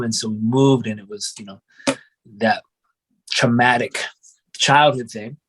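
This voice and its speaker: Man, young adult, qigong teacher, casual reflective storytelling, loose filler-heavy speech, mid-pitched voice. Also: fairly even intonation, measured pace, pauses often, fairly bright tone, slightly rough. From United States (grew up in Oregon). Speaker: qigong and breathwork instructor, guest.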